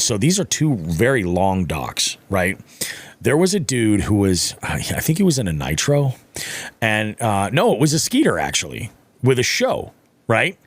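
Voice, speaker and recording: Animated, profane man telling a fishing story. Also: mid-range voice, no room sound. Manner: profane, animated, acts out quotes. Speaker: podcast speaker. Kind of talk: casual storytelling chat.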